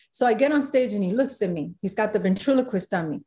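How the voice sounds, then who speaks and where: A woman, a guest in an interview, telling a story with animated quoted voices. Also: medium pitch, quick pace, hardly any pauses. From South Bronx, New York. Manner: animated, acts out quotes of others.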